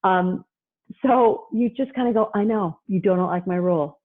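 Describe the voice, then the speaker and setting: A woman presenting on parenting in a casual talk over a video call, chatty and acting out parents and kids in quick asides. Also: mid-range voice. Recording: tinny phone-like line.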